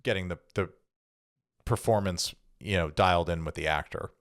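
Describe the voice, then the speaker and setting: A man's voice: low-pitched, moderate pace, a bit bright, dry recording, studio quality. A man co-hosting a podcast, explaining things in a casual, rambling way full of restarts. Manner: rambling, self-correcting explanations. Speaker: podcast co-host. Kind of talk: casual chat.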